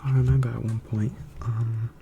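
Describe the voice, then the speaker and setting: A young man from the United States rambling in soft-spoken ASMR, meandering with many fillers. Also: medium pitch, level tone, normal speed, creaky, heavy background noise. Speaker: ASMR creator.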